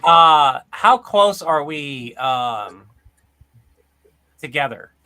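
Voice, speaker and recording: Bright, rambling young-sounding man at the table. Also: a little high, expressive, extremely slow. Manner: rambling, full of "like" and restarts. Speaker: player. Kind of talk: casual tabletop play.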